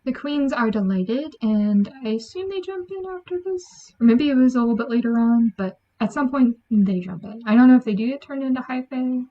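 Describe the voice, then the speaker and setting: A woman giving a chatty, animated book review, acting out lines from the story. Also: on the high side, a little fast, few pauses. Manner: chatty, animated, acts out quotes. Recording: dull lo-fi sound.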